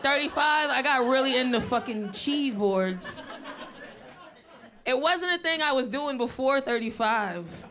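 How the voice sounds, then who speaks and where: A woman in her thirties doing a stand-up comedy set, blunt, profane and conversational as she tells her stories. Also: on the high side. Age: 30s. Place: live stage venue.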